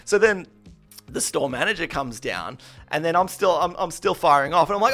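A man telling stories in casual chat, animated, and loud when he acts out a quarrel. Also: sits high, a little fast, soft background music.

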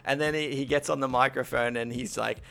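Gravelly man telling animated stories. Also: mid-range voice, brisk. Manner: animated, swearing, laughs through his stories. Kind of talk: casual storytelling chat.

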